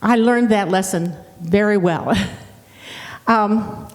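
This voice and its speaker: Reflective woman pastor in a reverberant hall. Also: mid-range voice. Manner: reflective, halting with restarts. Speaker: guest pastor. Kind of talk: church talk. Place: church.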